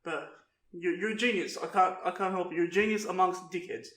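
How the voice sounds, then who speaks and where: Brief: male podcast co-host, high voice, giggly and crude, echoey room. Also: a little fast, noisy background. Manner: laughs often, swears, calls people bro. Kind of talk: casual podcast chat.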